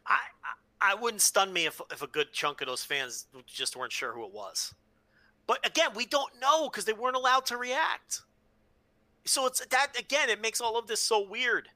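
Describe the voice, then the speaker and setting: Bright, lively male podcast co-host. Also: high-pitched, normal speed, no room sound. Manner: excited, swears freely, retells with exclamations. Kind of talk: casual chat.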